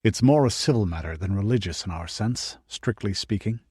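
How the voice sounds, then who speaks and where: Calm middle-aged priest, read by a man, measured and quiet, dry. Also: lowish voice, breathy edge, dry recording. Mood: reassuring.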